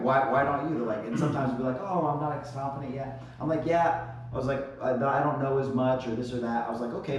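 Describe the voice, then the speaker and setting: A man's voice: medium pitch, a little hiss or hum. A man managing a sales team, telling stories about calls and acting out both sides with laughs. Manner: animated storytelling, laughs, acts out calls. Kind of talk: team training talk. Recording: echoey room from far off.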